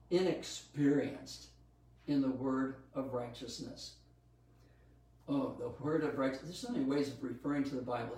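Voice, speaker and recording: Slow, echoey male preacher. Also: medium pitch, dark tone. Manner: slow, earnest, with frequent fillers and restarts. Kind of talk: sermon teaching on Scripture. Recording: very echoey room, from a distance.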